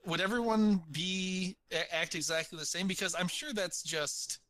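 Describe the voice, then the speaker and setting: A man's voice: sits high, normal speed, a bit bright. A man co-hosting a casual comedy podcast, rambling and second-guessing himself mid-sentence. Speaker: podcast co-host.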